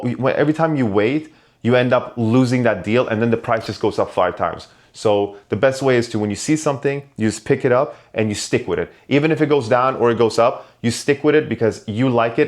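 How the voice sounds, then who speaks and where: A man who collects and sells Pokemon cards, giving loose, conversational advice to his viewers and often restarting his sentences. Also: mid-range voice. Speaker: Pokemon card collector and vendor. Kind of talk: casual advice to camera.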